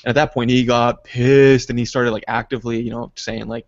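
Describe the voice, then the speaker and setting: A man rattles off stories at a brisk clip, cursing freely and trailing off into asides. The sound is dry and close, with a slightly dull, lo-fi mic. It feels like casual podcast chat. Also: medium pitch, flat delivery, dry recording. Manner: rambling, profane, laughs through his stories. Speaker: podcast co-host, army veteran.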